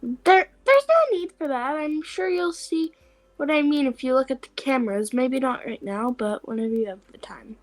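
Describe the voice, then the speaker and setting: A woman voicing a nervous, gentle male robot caretaker in a fan story reading, speaking in a soothing, anxious way. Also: sits high, lively intonation, normal speed.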